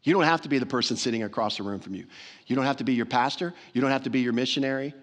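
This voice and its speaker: A man's voice: mid-range voice, very fast, a bit bright. A man preaching a sermon as pastor, earnest and emphatic, repeating phrases for stress. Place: church sanctuary.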